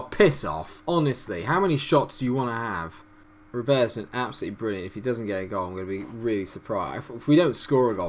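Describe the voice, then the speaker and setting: Young man, lowish voice, gaming commentary, excitable, swears, faint background hum. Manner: excitable, swearing, frustrated outbursts. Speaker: gaming YouTuber. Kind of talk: let's-play commentary.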